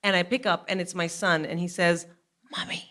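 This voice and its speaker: A woman in her forties, a guest comedian on a live stage, telling an animated story and laughing as she goes. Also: on the low side, a little fast.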